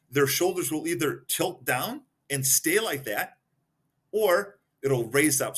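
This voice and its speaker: A man's voice: a little high, fairly bright tone, breathy edge. A man talking as a guest expert on a podcast, explaining points one by one and giving examples. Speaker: guest expert in behavioral analysis.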